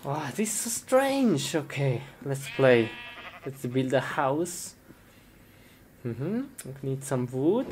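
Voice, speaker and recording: A woman performs a comedy skit with excitable energy, frequently exclaiming and laughing. Her voice is a low rumble and her pace is slow, and the recording is noisy.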